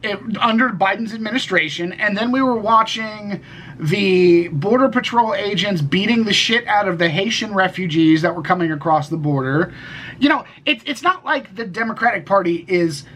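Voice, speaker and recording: A man's voice: sits high, lively intonation, normal speed, fairly bright tone, a little hiss or hum, rough recording. A man co-hosting a casual political podcast, rambling with many restarts and the odd swear word. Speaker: podcast co-host.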